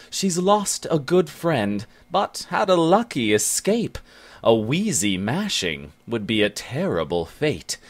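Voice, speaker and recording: A man narrating a comic rhyming ballad in a slow, storytelling way. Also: medium pitch.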